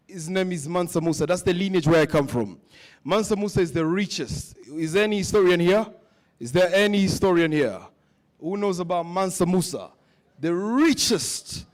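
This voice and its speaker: Guy with a pretty high voice preaching to a conference crowd, keeps asking them stuff. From West Africa. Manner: preachy, repeats questions to the audience. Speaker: summit speaker. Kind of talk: motivational speech. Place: conference hall.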